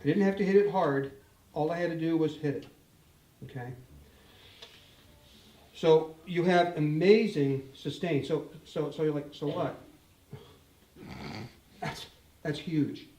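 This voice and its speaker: An older guitar clinician gives a live demo talk in a store event room, joking and animated as he addresses the audience directly. His voice is a little high for a man, his pace measured with long pauses, and a distant mic adds roomy echo.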